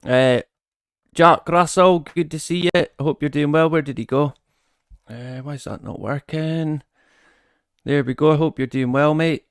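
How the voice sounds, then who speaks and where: A man's voice: a little high, clear, resonant tone, no echo, studio quality. A man hosting a live stream, chatting casually, greeting viewers by name and laughing often.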